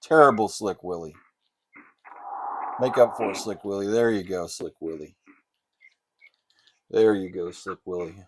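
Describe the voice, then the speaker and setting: A man giving casual, sarcastic commentary while playing old console games, with loud outbursts. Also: low-pitched, measured pace, pauses often. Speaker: gamer.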